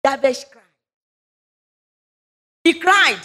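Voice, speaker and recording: A high-pitched woman preaches a sermon, moving between scripture reading and fervent prayer. Her voice sits well above the usual range, and her declarations ring with conviction. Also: very animated, extremely slow. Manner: fervent, rising into loud declarations during prayer.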